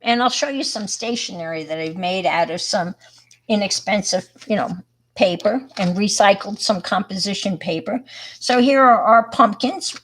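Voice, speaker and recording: A woman's voice: mid-range voice, normal speed, fairly bright tone. A woman from Long Island, New York, presenting an art live stream. She tells a story and demonstrates casually, rambling and speaking to viewers as she works. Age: older.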